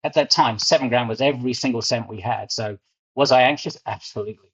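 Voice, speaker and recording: A man's voice: medium pitch, fast talker, gravelly, breathy edge. A middle-aged man with a London accent, telling stories as an interview guest and often repeating words as he gets going. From England. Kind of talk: storytelling interview. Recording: muffled lo-fi audio.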